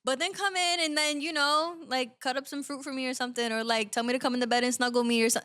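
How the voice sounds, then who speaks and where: A woman hosting a casual podcast chat, telling animated stories, swearing freely and acting out voices from her childhood. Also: sits high, fast, few pauses, smooth.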